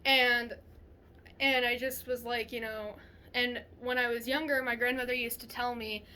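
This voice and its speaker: Bright-voiced young woman, rambling vlog story. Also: a little high, flat delivery, moderate pace. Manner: rambling, with many restarts and "like". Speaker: vlogger. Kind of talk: casual storytelling to camera.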